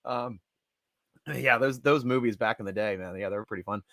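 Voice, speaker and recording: A middle-aged man hosting a casual live-stream chat, animated and chatty and quick to laugh. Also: fairly low pitch, no room sound, studio quality. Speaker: host.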